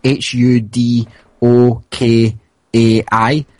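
A man's voice: medium pitch, level tone, drawn-out words, a little mellow, no echo. A young man with a Scottish Fife accent, co-hosting a podcast and telling stories in a rambling, self-interrupting way. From Scotland. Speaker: podcast co-host. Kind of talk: casual chat.

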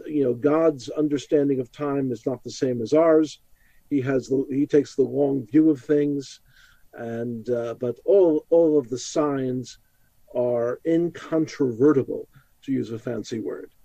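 A man from Brooklyn with a New York accent, a rabbi speaking as a guest in an interview and calmly teaching from scripture. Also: medium pitch, husky, no room sound, lo-fi sound. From Brooklyn, New York, USA. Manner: measured, reflective, quotes scripture. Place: home studio, New York metro area.

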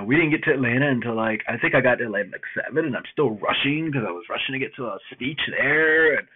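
Rambling profane man on a phone-like line. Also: mid-range voice. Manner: rambling, profane, lots of fillers and restarts. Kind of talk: casual storytelling monologue. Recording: phone-like narrow band.

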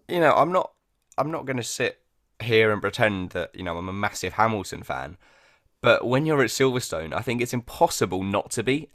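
Bloke co-hosting a podcast, animated chatty vibe, lowish voice, laughs a lot. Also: male voice. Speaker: podcast co-host. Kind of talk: casual chat.

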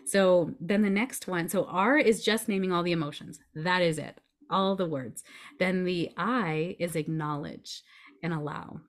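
A woman with a notably low voice speaks as a podcast guest, explaining things in an earnest, reassuring way. She often checks in with her listener as she goes. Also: unhurried. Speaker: podcast guest, grief coach. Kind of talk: conversational explaining.

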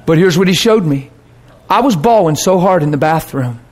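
A man preaching, telling a personal story in an animated way and dropping to a soft voice for quoted words. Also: fairly high pitch, normal speed. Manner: animated storyteller, acts out quoted voices, laughs and gets emotional. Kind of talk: sermon storytelling.

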